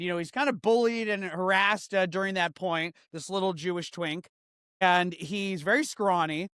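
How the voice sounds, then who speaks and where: High-voiced sarcastic male podcast host. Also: dry recording, clean studio sound. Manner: sarcastic, animated, swings from loud outbursts to quick asides. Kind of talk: comedic news commentary.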